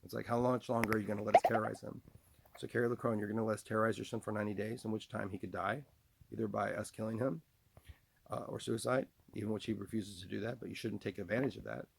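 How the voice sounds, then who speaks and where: A man's voice: on the low side, fairly even intonation, fast talker, gravelly, breathy edge. A man delivering a rambling, accusatory monologue from his trailer home, talking about himself in the third person. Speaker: vlogger.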